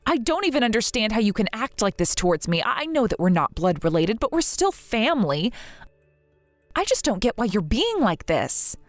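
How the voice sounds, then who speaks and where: Casting: a woman doing a hurt, grieving young wife for a story drama, earnest and pleading, expressive pitch. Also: moderate pace, dry recording, faint music behind.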